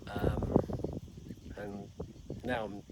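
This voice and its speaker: A man's voice: fairly low pitch, little pitch movement, very slow. A middle-aged man from England telling a rambling story to camera, laughing and acting out the voices of the people in it. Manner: rambling, laughing, acts out quotes. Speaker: vlogger. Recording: loud background noise outdoors.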